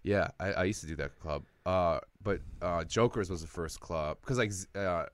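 Deep-voiced man telling comedy stories. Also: moderate pace, no echo. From Wisconsin. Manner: animated storyteller, acts out quotes. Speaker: comedian, podcast co-host. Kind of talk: casual chat, storytelling.

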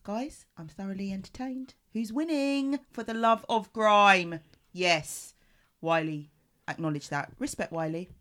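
A woman's voice: medium pitch, unhurried, a bit bright. A woman co-hosting a chatty podcast, laughing and reading tweets aloud in mocking voices. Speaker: podcast co-host. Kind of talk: casual chat.

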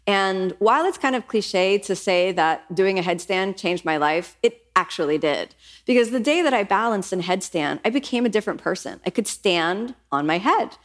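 A middle-aged woman yoga teacher who speaks earnestly and reflectively, lifting into lively voices when she quotes herself. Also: mid-range voice. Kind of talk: reflective podcast monologue.

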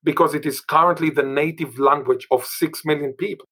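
A man's voice: fairly high pitch, steady tone, brisk, fairly bright tone, rough recording. A man from Israel, a linguist guest, talking emphatically and restating his points. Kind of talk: emphatic interview talk.

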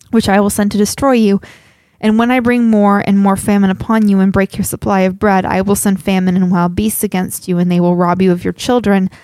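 A woman co-hosting a live show, reading scripture aloud in a steady, measured way and chatting between passages. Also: medium pitch, no echo. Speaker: co-host.

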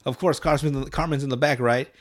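A man's voice: medium pitch, fairly even intonation, fast. A man hosting a podcast, recapping a cartoon episode in a profane, rambling, laugh-filled casual style. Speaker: podcast host.

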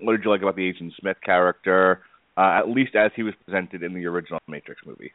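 A man's voice: low voice, fast, no room sound. A man hosting a casual movie chat podcast, rambling with many fillers and laughing often. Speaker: podcast host. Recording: tinny phone-like dry sound.

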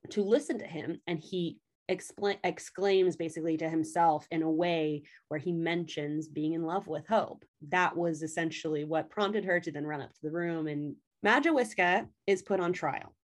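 A woman's voice: fairly low pitch, normal speed. A woman in casual chat, animatedly retelling a story's plot and swearing freely as she quotes the characters. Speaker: podcast co-host recapping a story.

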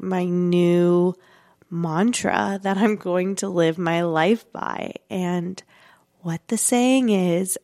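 A woman's voice: on the low side, vocal fry, darkish tone. A young adult woman hosting her podcast in a casual monologue, talking through a stuffy nose and slightly out of breath, rambling with lots of "like" and "you know". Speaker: podcast host.

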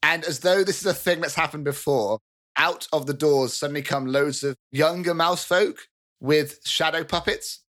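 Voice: mid-range voice, normal speed, a bit bright. A game master narrating a tabletop role-playing game in a playful storytelling manner.

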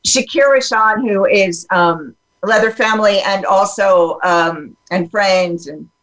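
A woman talking openly in a casual podcast conversation, animated and full of fillers and restarts. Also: medium pitch, takes it slowly, lo-fi sound.

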